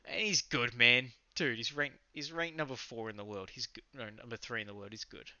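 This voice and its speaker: Bright, crisp Australian bloke chatting fights. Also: male voice, mid-range voice, brisk. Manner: loose, swearing, enthusiastic, rambling. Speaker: podcast co-host. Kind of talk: casual fight recap chat. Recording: slightly muffled lo-fi audio.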